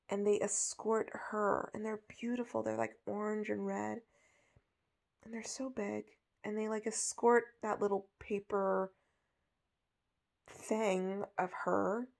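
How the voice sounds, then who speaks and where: A woman hosting a podcast, telling a story in a casual, chatty way with lots of fillers. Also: mid-range voice. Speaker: podcast host.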